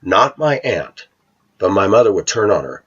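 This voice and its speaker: Male vlogger, low husky voice, lively storytelling, dull lo-fi sound. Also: moderate pace. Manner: animated retelling, acting out voices. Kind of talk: casual storytelling monologue. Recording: dull lo-fi home recording.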